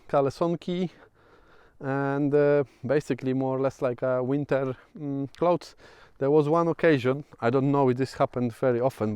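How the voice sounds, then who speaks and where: Man with a Polish accent, casual vlogger, halting delivery full of fillers, smooth voice, dry close sound. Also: medium pitch, darkish tone, no room sound. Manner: hesitant, many fillers and restarts. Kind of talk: casual vlog monologue. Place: outdoors at sunset.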